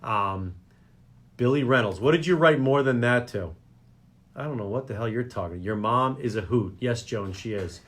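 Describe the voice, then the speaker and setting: A man's voice: medium pitch, moderate pace, fairly bright tone. A man hosting a local radio talk show, joking and rambling. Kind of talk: casual chat show banter.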